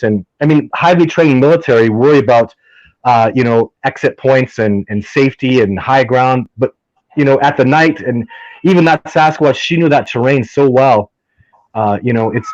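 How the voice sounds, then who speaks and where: Excited Canadian man on a dull line. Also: mid-range voice, no room sound. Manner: excited, repeats and restarts his words. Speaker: guest. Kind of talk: casual chat.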